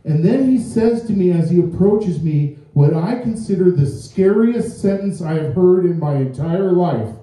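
A man with a high, mellow voice and lively intonation performs stand-up at normal speed, hardly pausing. He rambles through self-mocking stories for a live audience, heard from a distance in an echoey club.

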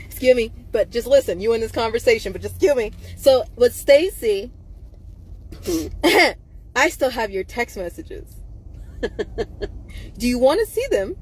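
A woman host speaking to her viewers in an emotional monologue, laughing nervously between angry, profane outbursts and swinging from quiet mumbling to loud intensity. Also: fairly high pitch, expressive, unhurried, long pauses, slightly rough.

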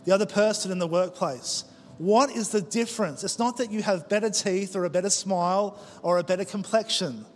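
An Australian pastor with a high-sitting male voice delivers a sermon in a large church auditorium, telling stories conversationally with quick asides. The recording carries a long church-hall reverb and faint music.

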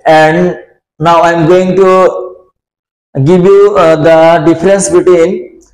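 Slow, echoey English grammar teacher man. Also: a little high, flat delivery, darkish tone. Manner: deliberate, repeats points, frequent "uh" pauses. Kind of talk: slow classroom explanation.

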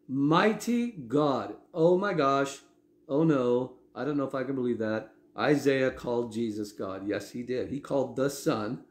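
Male pastor, mid-pitched, talky sermon style with frequent check-ins, roomy echo. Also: normal speed. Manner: conversational preaching with frequent "okay?" asides.

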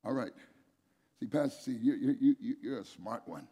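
Husky-voiced preacher man in an echoing hall. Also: mid-range voice, moderate pace. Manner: animated, pushes the crowd to answer and raise hands. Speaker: preacher at a men's conference. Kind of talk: energetic sermon with call-and-response. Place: large church hall with an audience. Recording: echoey hall, long reverb.

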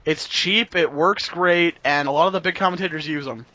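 A young man chatting casually while gaming, excitable and swearing often, with quick complaints. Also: on the high side. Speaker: gaming commentator.

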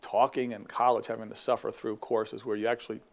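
Gravelly middle-aged man, reflective faith talk. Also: lowish voice, level tone, brisk. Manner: conversational, with frequent fillers and restarts. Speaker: ministry vice president.

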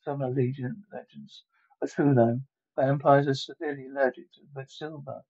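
A gruff older vampire hunter, as a man reads him out with a husky, breathy edge. He explains in a plain, matter-of-fact manner. The sound is dull and lo-fi. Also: medium pitch, flat delivery, normal speed. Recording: dull lo-fi recording.

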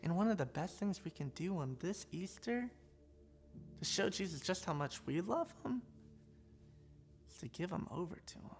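A woman's voice: lowish voice, big pitch swings, moderate pace, pauses often, darkish tone. A woman giving an online children's church sermon, telling the story animatedly and talking straight to the kids. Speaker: children's pastor.

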